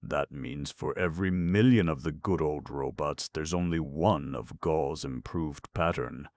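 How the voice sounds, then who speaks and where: A man's voice: very deep voice, a little slow, darkish tone, dry recording. A man voicing a shrewd older business manager who lectures sardonically, in a read-aloud play. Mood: sardonic.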